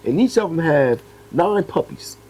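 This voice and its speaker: A man's voice: fairly high pitch, very animated, a little slow, darkish tone, slightly rough, voice pushed up, heavily acted, rough recording. A man putting on a boastful older Southern dog breeder.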